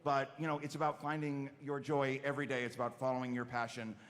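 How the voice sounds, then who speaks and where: A man speaking as a voice actor on a live convention panel, animated and gushing as he tells a story. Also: mid-range voice, quick pace. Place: large convention hall stage. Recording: reverberant hall with crowd ambience.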